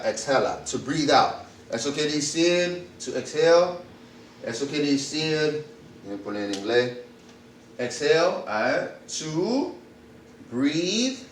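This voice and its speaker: A man's voice: fairly high pitch, a bit bright, reverberant, far from the mic, slight background noise, low-quality recording. A man teaching medical Spanish vocabulary in an informal class, repeating and spelling words out and thinking aloud as he goes. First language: English. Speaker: Spanish teacher for health workers.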